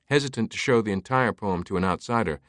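A man narrating an audiobook in a measured, even way. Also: fairly low pitch, dry recording, clean studio sound. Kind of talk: scripted narration.

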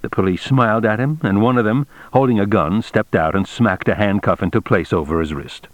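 A man reading a novel aloud as narrator in a measured, steady way. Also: lowish voice, no echo. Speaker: audiobook narrator. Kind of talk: scripted narration.

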